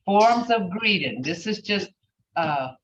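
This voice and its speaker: Woman language teacher, slow-paced, rambling, distant from the mic, dull recording. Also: medium pitch, animated. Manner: rambling, repeats phrases, many fillers. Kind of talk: online class lecture.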